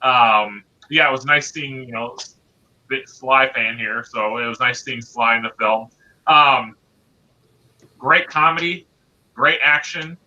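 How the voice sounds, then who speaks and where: A man's voice: medium pitch, slow, bright, forceful tone. A man co-hosting a podcast, chatting casually about movies with many fillers and hesitations. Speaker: podcast co-host. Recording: lo-fi dull recording.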